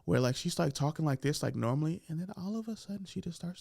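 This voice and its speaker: Slangy, gravelly man hosting a podcast. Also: a little high, quick pace, hardly any pauses, dry recording. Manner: animated storytelling, acts out quotes and drops into whispers; slangy, profane. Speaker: podcast host. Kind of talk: casual podcast chat.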